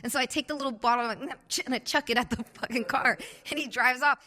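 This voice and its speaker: A woman in her thirties hosting a podcast, telling a story in casual chat and acting out quotes in lively bursts. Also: high voice, fast talker, in a large hall. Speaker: podcast host.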